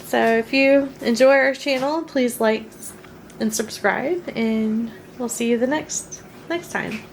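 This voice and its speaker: A woman's voice: a little high, slow pace. A woman hosting a home baking channel, chatting casually in her kitchen and laughing often. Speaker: home baker, channel host. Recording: noisy home recording.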